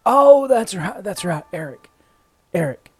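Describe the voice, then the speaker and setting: A man's voice: high voice, big pitch swings, measured pace, breathy edge, no room sound, soft background music, voice pushed up, full character voice. A man voicing a frail, confused elderly grandmother who speaks with a quivering, bewildered voice. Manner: quavering, bewildered.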